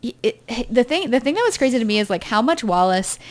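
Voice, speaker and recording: Animated young woman, chatty. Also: a little high, a little fast. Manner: animated, restarts phrases, laughs easily. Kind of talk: casual chat.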